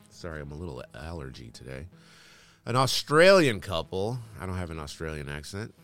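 A sarcastic man reads out headlines and tosses off dismissive asides between them. His voice sits very low but swings widely in pitch. Faint music plays underneath. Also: bright, forceful tone. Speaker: news commentary host. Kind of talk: casual news commentary, reading headlines aloud.

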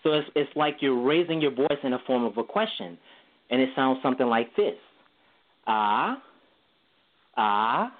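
A man's voice: medium pitch, expressive, fairly quick. A male guest teacher explaining Mandarin tones in a casual interview, singing vowel sounds to show each tone and laughing easily. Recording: tinny phone line.

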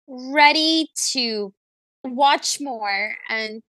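A woman co-hosts a podcast, recapping a movie in a casual, chatty, wry manner and slipping into voices now and then. Her voice sits high and is a bit bright, she draws out her words, and there's no echo.

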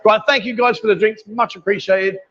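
Chatty high-voiced man hosting from a bar. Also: fairly even intonation, fairly quick, fairly bright tone. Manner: chatty, teasing, calls everyone darling. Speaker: livestream host. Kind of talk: casual live bar banter. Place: busy bar with pool table. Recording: dull lo-fi livestream audio. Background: bar crowd chatter.

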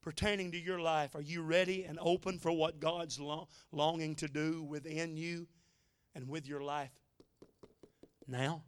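Guy preaching a sermon, folksy and emotional, kinda high voice, dry close sound. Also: moderate pace, a bit bright, no room sound. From United States. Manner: folksy, emotional storytelling with joking asides.

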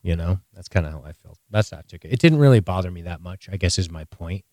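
A man with a low voice chats on a podcast in an animated, joking way. He swears freely and teases his co-host. The sound is dry and close. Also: dry recording. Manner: animated, profane, jokey, quick to tease. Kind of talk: casual chat.

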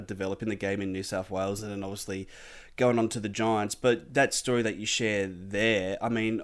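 A man hosting an interview, asking questions casually with lots of pauses and fillers. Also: lowish voice. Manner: hesitant, many fillers. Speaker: podcast host.

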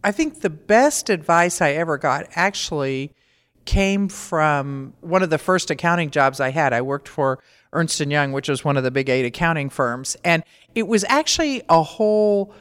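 A middle-aged woman who is a veterinarian answers interview questions as a guest, plainspoken, practical and matter-of-fact. Her voice is low-pitched and animated at a normal speed, and the recording has long reverb.

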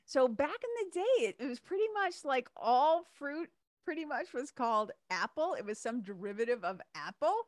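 Her voice high-pitched and very animated, a podcast host talks at a moderate pace through a casual solo monologue, chatty, enthusiastic and often laughing. The recording is studio quality with no room sound.

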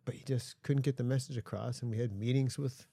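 A man's voice: mid-range voice, brisk, gravelly, breathy edge, no room sound. Brief: middle-aged male guest, easygoing storyteller, plain mid voice, close dry mic. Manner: relaxed storyteller, acts out voices in anecdotes. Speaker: guest, solo ocean racer. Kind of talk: casual chat. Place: aboard a boat studio.

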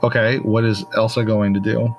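A man narrating as game master, in a relaxed, halting way with many fillers. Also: on the low side, faint music behind.

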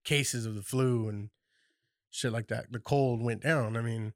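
A man's voice: mid-range voice, fairly even intonation, a little slow, dry recording, studio quality. A man in casual podcast chat, swearing constantly and getting worked up as he rants.

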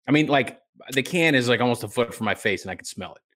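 A man from Virginia co-hosting a beer podcast, talking in an animated, jokey way with lots of "like" and restarts. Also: medium pitch, fast. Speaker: beer review podcast co-host. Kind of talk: casual chat.

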